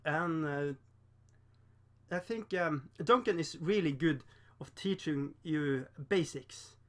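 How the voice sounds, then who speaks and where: Slow-paced and a bit bright, a slightly high male voice belongs to a miniature-painting streamer. He rambles casually on the livestream, laughs frequently and reads the chat out loud.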